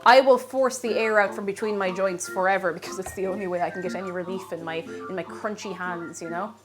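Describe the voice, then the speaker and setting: A woman's voice: medium pitch, fairly even intonation, fast, over music. An Irish woman chatting with her stream audience while cooking in her home kitchen, bubbly and talkative. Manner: chatty, bubbly, reads out viewer names. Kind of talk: casual livestream chat while cooking.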